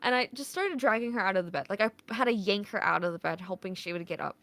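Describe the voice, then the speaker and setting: A woman's voice: mid-range voice, lively intonation, fast, fairly bright tone. A woman, a podcast guest, telling a casual story in a rambling way, full of "like" fillers and swearing.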